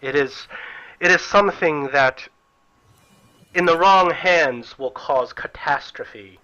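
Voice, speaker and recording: A man's voice: fairly high pitch, slow pace, bright, forceful tone, muffled recording. A man voicing an earnest, secretive female priestess in a tabletop game, with a lilting voice that rises on exclamations.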